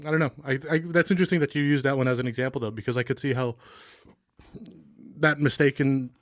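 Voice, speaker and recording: Fast-talking man, casual podcast banter. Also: medium pitch, steady tone, no echo, clean studio sound. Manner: swears freely, acts out quotes, laughs often. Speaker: podcast co-host. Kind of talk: casual chat.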